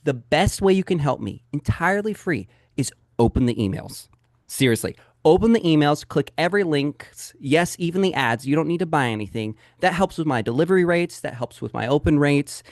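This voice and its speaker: A man's voice: fairly high pitch, brisk, no room sound. Brief: upbeat male coach, dry close sound. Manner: energetic and emphatic, talks straight to the audience. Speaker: real estate sales coach. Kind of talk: live training webinar.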